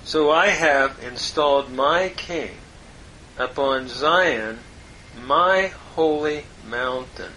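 A man walks through a Bible passage in Hebrew at a very unhurried pace, stopping to parse each word. His voice has a bright, forward edge. A faint low rumble sits behind him. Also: poor audio. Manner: slow, deliberate, parsing word by word with pauses. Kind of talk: verse-by-verse Hebrew lesson.

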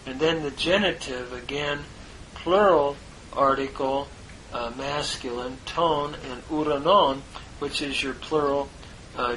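Slow, halting man teaching Greek. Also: medium pitch, sharp tone, slight background noise, poor audio. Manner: deliberate, halting, with many fillers. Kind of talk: slow parsing of a biblical text.

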